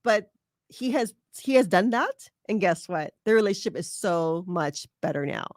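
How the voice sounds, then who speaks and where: A woman's voice: medium pitch, animated, normal speed, no echo, clean studio sound. A woman hosting a casual advice podcast, chatty, laughing often and using many fillers. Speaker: podcast host.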